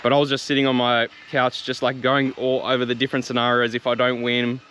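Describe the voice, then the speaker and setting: A man's voice: mid-range voice, monotone, fast, fairly bright tone, a little hiss or hum. Chatty young man telling a story. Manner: chatty, laughs often, many fillers and restarts. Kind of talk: personal faith story, casual retelling.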